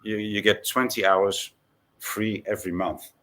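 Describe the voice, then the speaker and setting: A man co-hosting a livestream, explaining things in a halting, hesitant way. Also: on the low side, little pitch movement, fairly bright tone. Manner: hesitant, many fillers and restarts. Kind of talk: casual chat.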